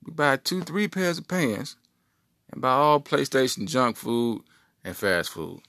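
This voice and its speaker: A man's voice: medium pitch, lively intonation, a little slow, fairly bright tone, no room sound, clean studio sound, voice pushed up. A man voicing the persuasive inner voice of his own brain, talking him into spending. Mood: scheming. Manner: persuasive, wheedling. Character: scheming inner voice of a teen boy's brain.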